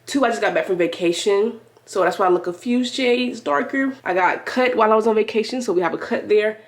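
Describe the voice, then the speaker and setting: A woman's voice: medium pitch, brisk. A woman vlogging to her camera in a room at home, chatty and upbeat, her voice stuffy from a cold. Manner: chatty, upbeat, talks straight to viewers. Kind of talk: casual vlog chat to camera. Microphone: compact camera mic.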